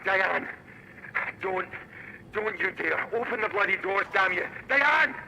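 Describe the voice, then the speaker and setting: A man voicing a desperate trapped character in a video game, shouting and pleading in panic. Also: sits high, lively intonation, takes it slowly, creaky, in a large hall, slight background noise, full character voice, low-quality recording. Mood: furious.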